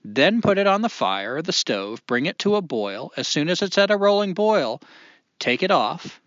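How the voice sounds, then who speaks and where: A man in his forties co-hosts a podcast in loose, rambling talk. His pitch swings widely and his voice has a bright edge. The recording is dry and a bit dull and lo-fi. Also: moderate pace, no echo. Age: 40s. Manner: rambling, animated, many fillers. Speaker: podcast co-host. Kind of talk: casual podcast chat.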